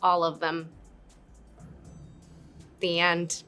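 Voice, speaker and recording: A woman in her thirties, an actress, talking casually and playfully in an interview, with giggles and quick asides. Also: lowish voice, completely flat delivery, bright, forceful tone, clear, resonant tone. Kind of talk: casual interview talk to camera. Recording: faint music behind.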